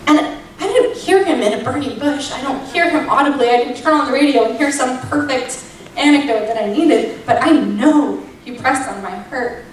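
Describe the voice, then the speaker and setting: A woman's voice: sits high, moderate pace. A woman in her thirties teaching a Bible study, candid and personal, with emphatic rises in her voice. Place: church room. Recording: echoey room, distant mic, faint noise.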